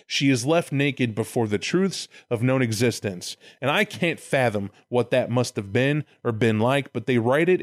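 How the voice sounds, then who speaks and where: A man's voice: medium pitch, dry recording, studio quality. A man casually retelling a story for laughs, swearing often and acting out the characters. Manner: animated, profane, acts out characters in raised voices.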